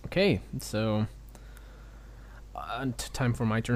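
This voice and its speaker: A man with a lowish, animated voice speaks slowly as co-host of a crude comedy chat. He jokes around, teases his partner, and jumps into goofy voices.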